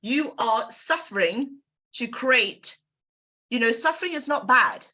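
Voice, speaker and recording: Bright, husky-voiced woman hosting. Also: a little high, a little slow. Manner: energetic, addresses listeners directly. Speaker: book club host. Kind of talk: motivational group talk.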